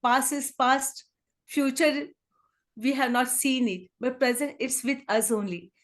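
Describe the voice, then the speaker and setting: A high-pitched woman with an Indian accent speaks as an interview guest. She talks earnestly and conversationally, slipping between English and Hindi and leaning on fillers as she searches for words. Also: steady tone, a little slow. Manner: switches between English and Hindi, many fillers like "and all", "you can say"; earnest, emotional in places. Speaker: interview guest, kindergarten teacher.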